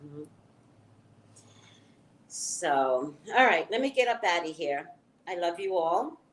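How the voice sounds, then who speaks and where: A woman's voice: on the low side, lively intonation, slow, slight background noise. A middle-aged woman, a psychic reader, chatting casually with her live-stream viewers, exclaiming and laughing often.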